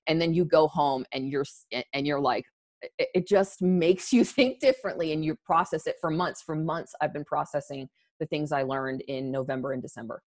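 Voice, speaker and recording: A woman's voice: low-pitched, brisk, a little mellow. A woman in her thirties, a podcast guest talking candidly and emphatically. She restarts her sentences often and is close to tears. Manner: earnest and emphatic, with frequent restarts. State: emotional, near tears. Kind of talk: candid conversational interview.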